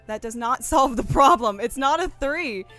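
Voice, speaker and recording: A woman co-hosts a game stream and chats casually, swearing often and getting excited fast. Her voice sits a bit high and sounds very bright and forceful. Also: faint music behind. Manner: profane, excitable, apologetic. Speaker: streamer and co-host.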